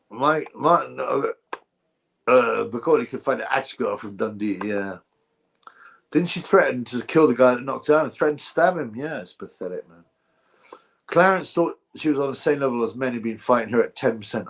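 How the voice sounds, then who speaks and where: Brief: male stream host, mid-pitched, offhand and sarcastic, chatting loosely with viewers. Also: moderate pace, creaky, long pauses. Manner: rambling, sarcastic, reads out chat. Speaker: livestream host. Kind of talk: casual livestream commentary.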